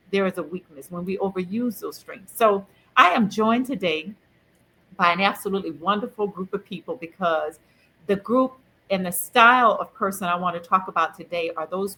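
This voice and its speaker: Bright, animated woman podcast host. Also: medium pitch, poor audio. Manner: animated, laughing, colloquial and playful. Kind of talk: lively conversational podcast hosting. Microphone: video call.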